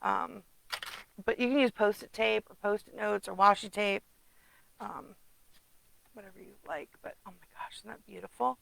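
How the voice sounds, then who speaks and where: A woman's voice: medium pitch, steady tone, moderate pace, vocal fry, pauses often, fairly bright tone, poor audio. A woman casually demonstrating card making at her desk, chatty, humming to herself and muttering asides. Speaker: craft demonstrator.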